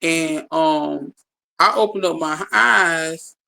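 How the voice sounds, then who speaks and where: A speaker telling a personal story to a small group in casual talk, animated, repeating and restarting words and acting out the dialogue. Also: mid-range voice, takes it slowly, creaky, rough recording.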